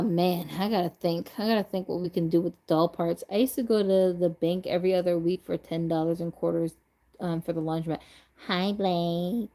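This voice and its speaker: A woman talking loosely through a long livestream, easygoing and full of slang. She drifts from thought to thought and breaks into laughter often. The talk stays unscripted and relaxed, like hanging out. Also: fairly low pitch. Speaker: doll customizer streaming live. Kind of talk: casual livestream chat.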